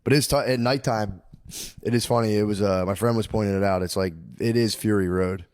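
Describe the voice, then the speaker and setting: A man's voice: on the low side, fairly quick, darkish tone, dry recording. Podcast co-host, man in his thirties, rambling storyteller, dry close studio sound. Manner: rambling storyteller, laughing, swearing. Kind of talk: casual comedic chat.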